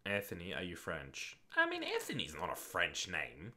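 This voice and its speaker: A young Australian man with a deep voice and huge pitch swings talks at a normal speed in a sharp tone. Hosting a late-night football watch-along stream, he sounds tired as he rambles casually through viewer questions, swearing now and then.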